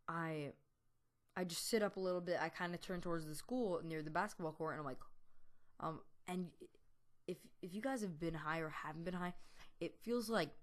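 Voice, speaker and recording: Rambling teenage boy telling a story. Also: on the high side. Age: teens. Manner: rambling, full of fillers and restarts; laughs now and then while telling. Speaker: gaming YouTuber. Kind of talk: storytelling over gameplay commentary.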